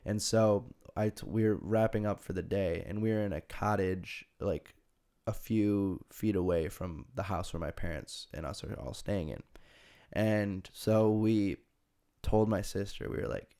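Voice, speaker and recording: A young man hosting a podcast, telling a funny story in a casual, animated way and laughing often. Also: on the low side, a little slow, smooth. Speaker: podcast host.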